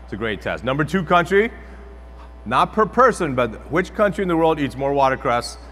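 A man's voice: fairly high pitch, big pitch swings, normal speed, fairly bright tone. A chef talking a crowd through a live cooking demonstration, chatty and joking as he goes. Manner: joking, chatty, audience-engaging. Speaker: celebrity chef. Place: trade show demo stage. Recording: echoey hall with faint ambience.

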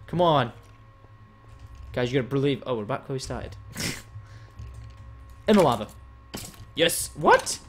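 Here the young gaming host has a medium-pitched, expressive voice, speaking a little slowly with long pauses over a faint hiss or hum. His commentary stays playful and teasing as he plays, though he sometimes gets frustrated.

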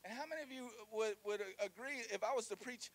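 A man preaching a lively sermon, joking and calling the congregation to repeat lines. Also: very high voice, fast. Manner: animated, joking, call-and-response with congregation. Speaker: pastor.

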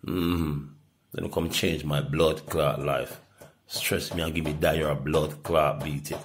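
Jamaican guy, middle-aged, rambling swearing rant, goes loud then drops to a mutter. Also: steady tone, takes it slowly. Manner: profane ranting, swinging from loud outbursts to low mutters. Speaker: reggae artist. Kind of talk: rambling monologue.

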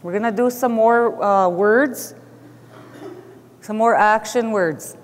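A man teaching a language class who says each word slowly and then repeats it. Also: high-pitched. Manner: slow, patient, repeats each word twice. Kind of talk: language lesson, repeating vocabulary. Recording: echoey room with long reverb.

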